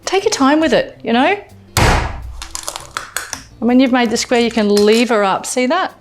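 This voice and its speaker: A woman's voice: fairly high pitch, expressive, normal speed, background noise. An Australian woman hosting a casual cooking demonstration in a home kitchen, chatty and enthusiastic, often exclaiming. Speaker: cooking show host. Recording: music playing underneath.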